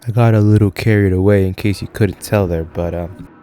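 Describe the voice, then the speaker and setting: Young male reviewer, low voice, chatty and profane, faint music underneath. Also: fairly even intonation, a little fast, warm tone. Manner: profane, rambling, loose and chatty. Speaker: film reviewer. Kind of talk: casual spoken review.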